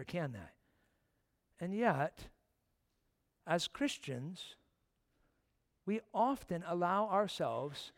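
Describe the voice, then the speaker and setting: A male pastor with a high voice delivers an impassioned sermon. He swings between forceful emphasis and hushed, almost whispered lines, often putting questions straight to his listeners. The sound is dry and close. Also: dry recording. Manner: direct questions to the congregation.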